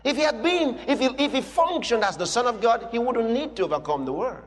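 A man preaching a sermon with emphatic, repetitive declarations that rise to shouting. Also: very high-pitched, big pitch swings, a little fast. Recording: long hall reverb with faint music.

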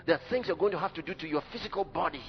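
A man's voice: a little high, racing. A man preaching a sermon in an emphatic, dramatic way. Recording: dull echoey hall recording with faint music.

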